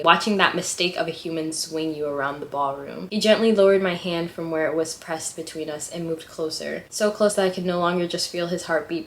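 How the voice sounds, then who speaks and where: A woman vlogging casually, reading a story aloud and breaking off into giddy, excitable reactions. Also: low voice. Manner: reads fiction aloud softly. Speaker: writing vlogger.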